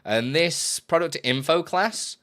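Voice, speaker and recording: A man's voice: a little high, slow pace, sharp tone. A man chatting casually on a live stream, rambling and correcting himself as he explains his setup, often laughing.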